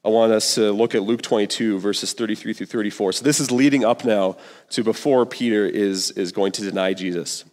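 A man's voice: lowish voice, a little fast, darkish tone, big-room sound. A male pastor giving a sermon in an earnest, conversational way, full of casual slang.

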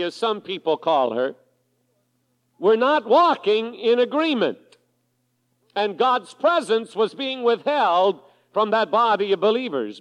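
A man preaching a sermon to his congregation, reading scripture aloud in a measured way. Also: high-pitched. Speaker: pastor. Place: large church sanctuary. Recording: 1980s sermon recording with long hall reverb.

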